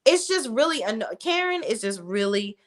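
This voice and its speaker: A woman's voice: on the high side, big pitch swings, moderate pace. A woman hosting a casual TV recap vlog, blunt, profane and opinionated, acting out the characters' lines. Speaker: reality TV recap host.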